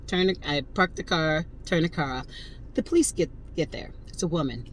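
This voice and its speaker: A woman's voice: deep voice, moderate pace, a little hiss or hum, low-quality recording. A woman in her fifties hosting a podcast, telling a story casually and emphatically and speaking straight to her listeners. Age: 50s. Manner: animated, emphatic, addresses listeners directly. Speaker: podcast host.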